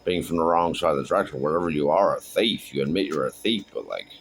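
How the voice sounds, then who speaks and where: A man voicing a mildly judgmental male support-group leader who talks haltingly. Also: very deep voice, slight background noise, pitched below the performer's own voice. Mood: chiding.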